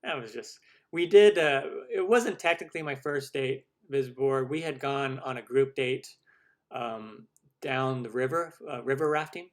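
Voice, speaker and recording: A middle-aged man hosts a casual live stream from his computer. His voice sits at an ordinary middle pitch, and he rambles through answers with plenty of restarts and little laughs. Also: unhurried. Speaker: host of a cooking channel live stream.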